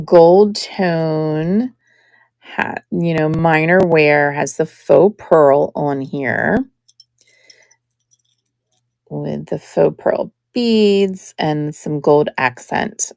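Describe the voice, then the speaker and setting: A middle-aged woman hosts a live jewelry sale, chatty and admiring as she shows each piece. Her voice sits low, with a gravelly fry at phrase ends, and she takes her time. The sound is close and dry. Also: drawn-out words, a little mellow, dry recording. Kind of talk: live-stream sales chat.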